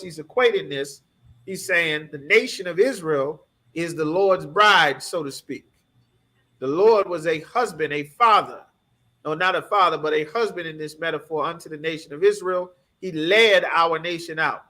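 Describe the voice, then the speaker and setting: A man's voice: a little high, pushed and bright. A man teaching a scripture class, preaching emphatically in a streetwise way and asking the class rhetorical questions. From United States.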